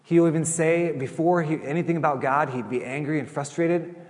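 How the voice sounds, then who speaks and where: A middle-aged male pastor telling stories in a chatty, animated sermon, acting out the voices of the people he quotes. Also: on the high side, brisk. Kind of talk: sermon storytelling. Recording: long hall reverb.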